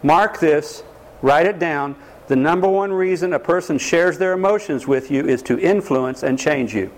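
Speaking as a counselor, a man with a fairly high voice lectures an audience at normal speed. He's animated, acting out quoted voices and putting questions to his listeners.

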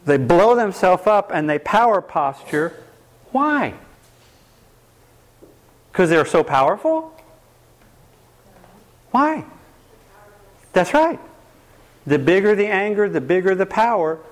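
A man giving a live talk on anger to an audience, asking them questions and acting out what people say. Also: a little high. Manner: lively, asks the audience questions, acts out quoted voices. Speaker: speaker teaching a workshop on anger.

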